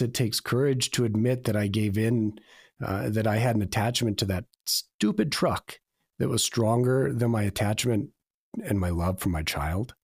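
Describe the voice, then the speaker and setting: A man's voice: on the low side, husky, no echo, studio quality. A man in a reflective faith conversation, speaking earnestly and confessionally, repeating phrases for emphasis.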